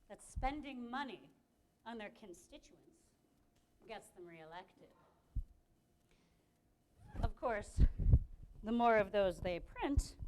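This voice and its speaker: An actress playing a smug female corporate executive in a one-woman stage play, speaking in a low, measured, condescending way. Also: heavy background noise.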